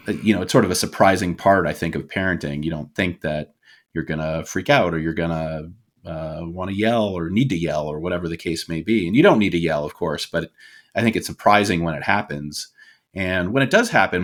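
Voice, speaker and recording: A man hosting a podcast, asking questions in a hesitant way with many fillers. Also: sits low. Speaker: podcast host.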